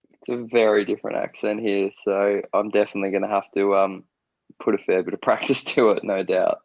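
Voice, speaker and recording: A man co-hosting a casual podcast chat in an easygoing, chatty way with many pauses and little laughs. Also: on the low side, little pitch movement, darkish tone, no echo, lo-fi sound. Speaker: podcast co-host.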